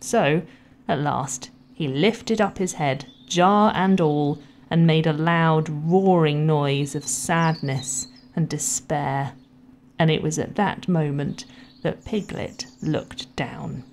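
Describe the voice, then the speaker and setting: Brief: woman storyteller, low pitch, gentle and measured read-aloud. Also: a little hiss or hum. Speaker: narrator. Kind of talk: storybook reading.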